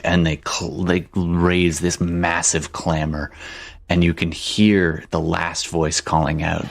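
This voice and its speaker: A man narrating a tabletop game as game master, halting with frequent ums and restarts. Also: low-pitched, little pitch movement, gravelly.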